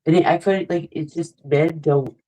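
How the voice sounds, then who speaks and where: A woman's voice: deep voice, fairly even intonation, normal speed, dark tone, poor audio. A woman in casual chat, blunt and swearing freely as she tells stories and acts out what people said.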